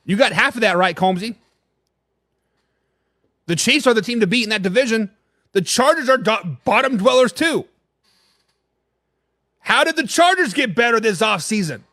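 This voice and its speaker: A man's voice: lively intonation, moderate pace, long pauses, pushed and bright, no echo. A man hosting a live NFL talk stream, brash and opinionated, reading fan comments and answering them directly. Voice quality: high, twangy voice. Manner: brash, opinionated, talks straight to chat. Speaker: sports talk show host.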